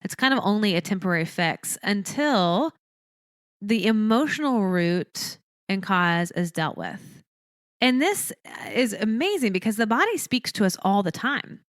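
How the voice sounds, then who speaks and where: A woman's voice: mid-range voice, expressive, measured pace, no echo, clean studio sound. A woman hosting a podcast alone, talking earnestly in a teaching way and repeating phrases for emphasis. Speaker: podcast host. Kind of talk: reflective solo podcast talk.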